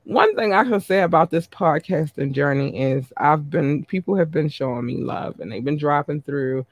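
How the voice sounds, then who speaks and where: A man hosting his podcast, reading out listener shout-outs in a chatty, upbeat way. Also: fairly high pitch, animated, moderate pace, no room sound. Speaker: podcast host.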